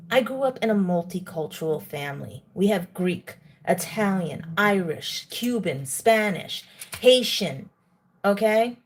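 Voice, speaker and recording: A woman's voice: medium pitch, a little slow, slight background noise. A woman hosts a livestream and talks to her chat in a lecturing, indignant way. She eats while she talks to her viewers. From New York. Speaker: livestream host. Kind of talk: live-stream commentary to chat.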